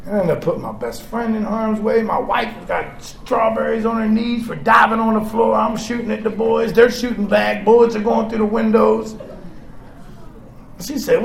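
A man in his forties giving a raw, profane personal testimony to a group, swinging between shouting and hushed talk. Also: sits high, fairly even intonation, normal speed, vocal fry. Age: 40s. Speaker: speaker sharing his story with a group. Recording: echoey room with background noise.

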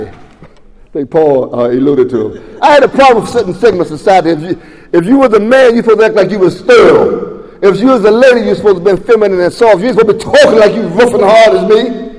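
A man's voice: sits high, a little mellow, in a large hall. A man animatedly telling his recovery story at a meeting, acting out the voices of the people in it. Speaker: speaker sharing recovery story.

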